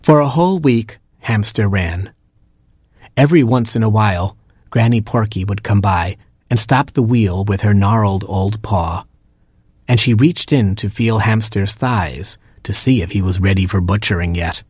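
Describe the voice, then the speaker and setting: A man reading a children's storybook aloud with a playful lilt. His voice sits fairly low and husky. The recording is close and dry with no room sound. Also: moderate pace, a little mellow, dry recording.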